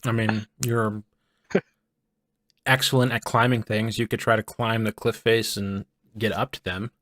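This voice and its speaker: A man running a tabletop game as game master, narrating the scene in a relaxed way with frequent ums and uhs. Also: lowish voice, a little slow, dry recording, studio quality.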